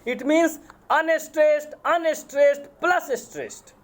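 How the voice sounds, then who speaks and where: A man with an Indian accent, a college English lecturer giving a lecture, speaking deliberately, repeating terms and spelling words out letter by letter. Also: very high-pitched. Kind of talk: classroom lecture on poetic meter.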